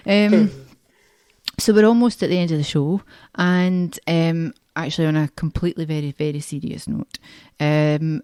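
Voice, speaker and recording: A woman's voice: low voice, warm tone, no room sound, clean studio sound. A Scottish woman co-hosting a radio show, chatting casually and rambling through her sentences with fillers. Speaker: radio host.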